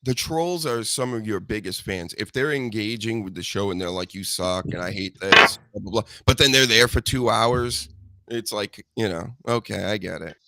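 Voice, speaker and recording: A man hosting a casual podcast chat, animated and profane, breaking into mocking voices. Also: fairly low pitch, moderate pace, slight background noise. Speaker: podcast host.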